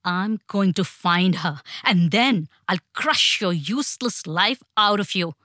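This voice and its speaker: A woman voicing an enraged, violent middle-aged father who shouts his threats in an audiobook reading. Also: fairly low pitch, animated, takes it slowly, no echo, clean studio sound, full character voice. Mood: raging.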